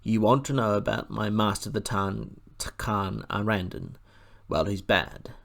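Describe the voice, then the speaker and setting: A proud, commanding war horse with a low, gravelly voice, as a man reads him in a storybook. He talks slowly and deliberately, with a stern, brisk authority. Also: fairly even intonation, fairly bright tone. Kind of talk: audiobook character voice.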